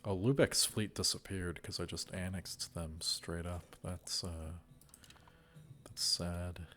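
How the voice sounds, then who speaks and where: A man's voice: deep voice, steady tone, takes it slowly, fairly bright tone, soft background music. A man casually commenting on a strategy game as he plays, musing wryly to himself. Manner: musing, wry, talks to himself while playing. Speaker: let's play gamer.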